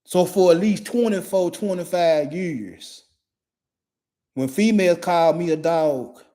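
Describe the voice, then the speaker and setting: A man's voice: high voice, slow pace, warm tone. Blunt, profane man in his forties. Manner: blunt, repetitive, emphatic and heavy with profanity. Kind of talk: profane motivational monologue.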